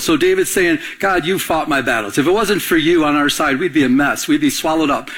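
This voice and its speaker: A man's voice: fairly high pitch, moderate pace, hardly any pauses, a bit bright, low-quality recording. A man preaching as a pastor, telling stories and asking the congregation call-and-response questions. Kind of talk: sermon.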